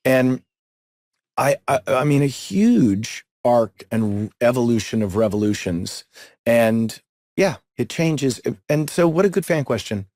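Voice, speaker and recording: A man's voice: medium pitch, lively intonation, slow pace, darkish tone, no echo, clean studio sound. A middle-aged man co-hosting a podcast, chatting casually and telling rambling, jokey stories with repeated words. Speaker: podcast co-host.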